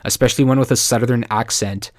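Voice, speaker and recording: A man from Canada hosting a casual marketing tutorial, chatty and excitable, breaking into jokes and acted-out quotes. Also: mid-range voice, fast talker, no room sound, studio quality. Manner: chatty, excitable, joking asides, acts out quoted voices. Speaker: marketing video host. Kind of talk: casual talking-head tutorial.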